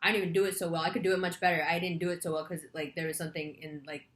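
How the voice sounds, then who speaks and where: A woman's voice: fairly low pitch, little pitch movement, very fast, fairly bright tone, echoey room. A woman astrology reader telling a rambling story in a casual monologue, chatty and swearing freely.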